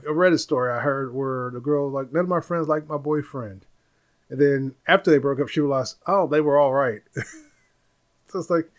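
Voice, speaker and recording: A man hosting a podcast, talking through his opinions in a loose, rambling solo monologue, and popping into a louder, higher voice when he quotes people. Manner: rambling, opinionated, mimics others in raised voice. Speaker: podcast host. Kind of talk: casual monologue.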